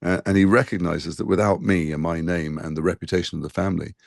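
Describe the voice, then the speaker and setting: A man being interviewed about a role he played, talking quickly in a conversational way with frequent restarts. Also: low voice, fairly even intonation, vocal fry, no echo, clean studio sound. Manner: talks fast with frequent restarts and fillers. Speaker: actor interviewed as guest.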